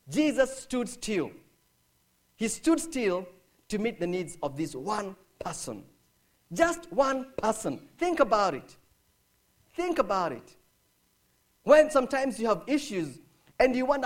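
Animated preacher man, high voice. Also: measured pace, long pauses. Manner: dramatic, swings from hushed to shouting; acts out quotes with shifts in voice. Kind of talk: sermon.

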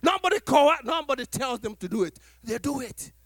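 A man preaching a sermon as pastor to his church, animated, acting out little dialogues and laughing as he talks. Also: extremely high pitch, a little fast, dry recording, studio quality.

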